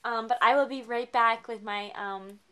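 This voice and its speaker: A woman craft vlogger chatting casually as she unboxes a gift package, gushing and excitable, often gasping with delight. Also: fairly high pitch, normal speed, clear, resonant tone.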